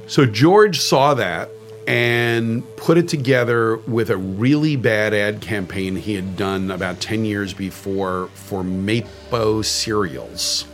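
Animated lowish-voiced man telling a story. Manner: animated, blunt, speeds up and slows down. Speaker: interviewee, former media executive. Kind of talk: casual anecdote.

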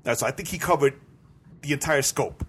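A man's voice: on the high side, brisk, fairly bright tone, a little hiss or hum. A man co-hosting a faith podcast, explaining his beliefs in an earnest, preachy way and often asking "right?". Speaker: podcast co-host. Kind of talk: casual faith podcast chat.

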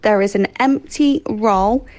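A woman's voice: mid-range voice, slow, a little mellow, rough recording. A woman from England ranting with exasperation in a listener's voice note. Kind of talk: recorded voice note rant.

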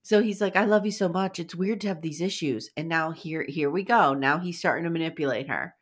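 A woman's voice: low voice, a little fast. A woman hosting a casual podcast chat, sarcastic and blunt, swearing freely as she recaps a show.

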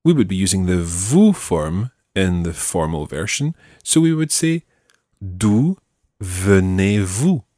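A man teaching a French lesson, slowly modelling phrases for the listener to repeat. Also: sits low, sing-song, warm tone, no room sound, clean studio sound. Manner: slow, carefully enunciated model phrases. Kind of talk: language lesson.

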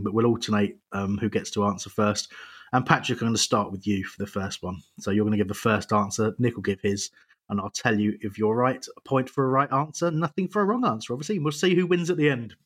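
A British man hosts a relaxed football chat with a slightly husky voice. He talks in loose, rambling sentences full of ums and restarts, and laughs easily as he runs a quiz. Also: on the low side, fast talker. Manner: chatty, hesitant with many ums, laughs easily. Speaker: podcast host. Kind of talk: casual football chat, quizmaster.

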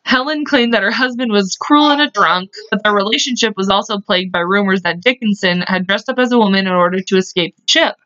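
A woman's voice: medium pitch, brisk, few pauses, pushed and bright, no echo. A woman co-hosting a podcast, reading out history notes with chatty asides. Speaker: podcast co-host. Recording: dull lo-fi podcast audio.

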